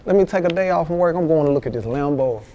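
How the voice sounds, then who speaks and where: A man with a Memphis accent, a rapper telling a story in a casual interview, animated and full of slang, acting out what others said. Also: fairly high pitch, fast, lo-fi sound, noisy background. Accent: Southern US, Memphis. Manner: animated, slangy, acts out quoted dialogue. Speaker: rapper guest.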